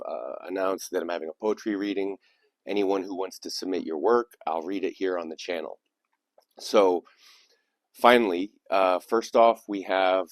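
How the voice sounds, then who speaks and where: Male host, deep voice, close dry sound; reads submitted poetry and drifts into reflective asides. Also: no room sound. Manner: reflective, digressive. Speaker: channel host. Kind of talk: casual commentary and poetry reading.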